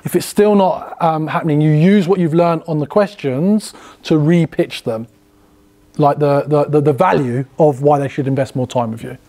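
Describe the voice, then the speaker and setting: A man's voice: a little high, steady tone, moderate pace, warm tone. A man running a sales workshop, chatty and full of fillers and restarts as he explains. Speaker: sales trainer. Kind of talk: casual workshop teaching.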